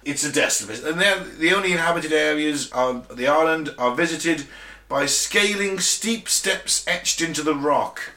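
A man's voice: on the high side, animated, moderate pace, sharp tone. A British man co-hosting a casual podcast, joking and swearing as he reads out listener towns and tells a story. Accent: British English. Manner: sweary, joking, laughs often. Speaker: podcast co-host. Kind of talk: casual banter, reading listener locations. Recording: roomy echo.

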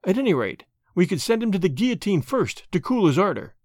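A man's voice: high-pitched, big pitch swings, brisk, a little mellow, dry recording, studio quality. Man doing a sly, insinuating French agent.

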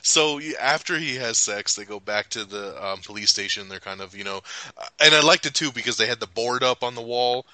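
A man's voice: medium pitch, brisk, pushed and bright, no echo. A man hosting a podcast, chatting casually about a film, rambling, swearing freely and laughing a lot. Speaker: podcast host. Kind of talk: casual movie review chat.

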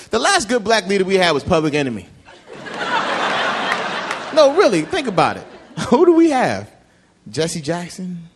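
Lively high-voiced male comedian. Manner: animated, conversational, swings between loud and quiet. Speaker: stand-up comedian. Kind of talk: stand-up routine. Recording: live club with laughing crowd and noise.

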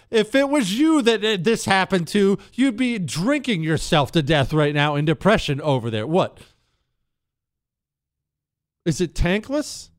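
Man, talk show host, sarcastic rant, smooth voice, dry studio sound. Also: fairly high pitch, no room sound. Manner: sarcastic, exasperated ranting. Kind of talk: casual monologue.

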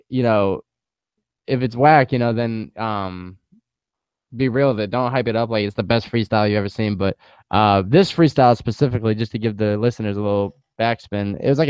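Smooth-voiced slangy man chatting. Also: mid-range voice, dry recording. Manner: animated, slangy, many fillers. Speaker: podcast co-host. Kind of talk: casual chat.

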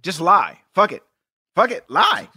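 A man co-hosting a podcast in casual chat, talking in an animated, emphatic way and swearing freely. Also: high voice, unhurried, husky, no room sound. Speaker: podcast co-host.

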